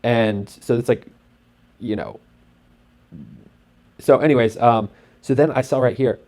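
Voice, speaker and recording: Rambling, excitable man with a mellow voice. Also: mid-range voice, measured pace. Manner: rambling and excitable, heavy on fillers; acts out sound effects and his own thoughts. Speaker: host. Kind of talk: casual walkthrough narration over a screen.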